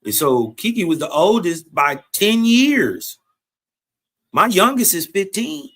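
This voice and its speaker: A man with a Southern US accent, a grieving guest on a livestream, talking slowly and reflectively. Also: sits high, sing-song, a bit bright. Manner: slow, reflective, grieving father. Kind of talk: emotional livestream talk.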